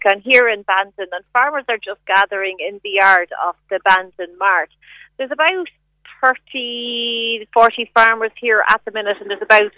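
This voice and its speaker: A woman's voice: a little high, bright, forceful tone, no echo, low-quality recording. A woman with an Irish accent giving a live field report in a conversational, slightly hesitant way with fillers. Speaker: news reporter.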